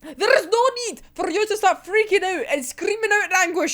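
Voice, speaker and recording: A woman's voice: very high-pitched, fairly quick, fairly bright tone. A young woman in a casual, profane reaction rant, exasperated and breaking into laughter. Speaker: manga reviewer.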